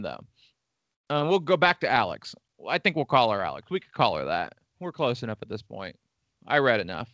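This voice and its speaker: Male podcast co-host, bright tense tone, dry close sound, irreverent joking history chat. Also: fairly high pitch, sing-song, brisk, no echo. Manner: irreverent, joking asides with profanity.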